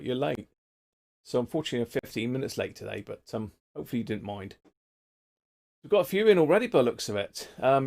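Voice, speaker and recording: Middle-aged bloke, easygoing stream host, chats and rambles, greets viewers by name. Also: male voice, mid-range voice, darkish tone. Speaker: livestream host. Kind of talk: casual live stream chat. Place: home workshop.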